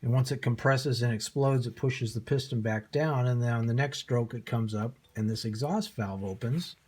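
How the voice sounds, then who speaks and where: A man's voice: medium pitch, normal speed, darkish tone, slightly rough. An older man casually demonstrating an old motorcycle engine part he is rebuilding, in a folksy, self-deprecating way with plenty of ums and uhs. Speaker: hobby motorcycle mechanic.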